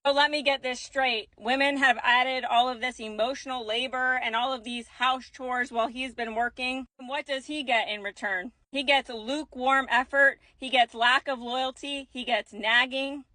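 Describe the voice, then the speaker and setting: A woman's voice: high-pitched, steady tone, moderate pace, few pauses, pushed and bright, no room sound. A woman delivering an emphatic, sarcastic rant to camera. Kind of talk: ranting monologue to camera.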